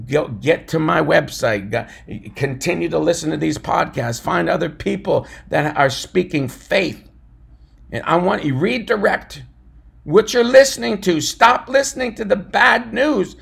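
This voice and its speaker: A man preaching a fervent podcast sermon, swinging between loud shouts and low murmurs. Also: normal speed. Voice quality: gravelly, husky.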